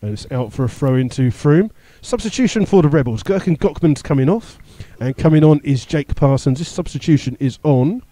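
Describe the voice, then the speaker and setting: A man's voice: fairly high pitch, expressive, fairly quick, hardly any pauses, dark tone, no echo. A man giving live radio commentary on a football match, rattling off play-by-play with the odd filler and chuckle. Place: stadium commentary position.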